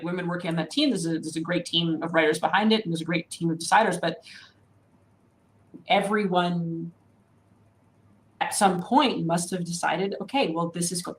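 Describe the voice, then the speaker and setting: A woman's voice: fairly low pitch, slight background noise, poor audio. A woman on a panel discussion who talks thoughtfully and reasons step by step, with frequent "you know"s.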